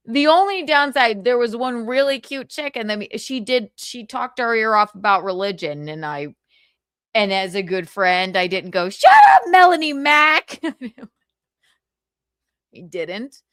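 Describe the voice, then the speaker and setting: A woman livestream host telling a sassy, animated story in casual chat, laughing often. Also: mid-range voice, measured pace, smooth, no echo, studio quality.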